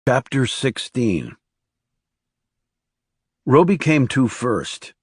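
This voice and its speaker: A man reading a crime thriller audiobook aloud in a low, hushed storytelling delivery. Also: sing-song, drawn-out words, breathy edge, dry recording, studio quality. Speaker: audiobook narrator. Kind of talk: scripted narration.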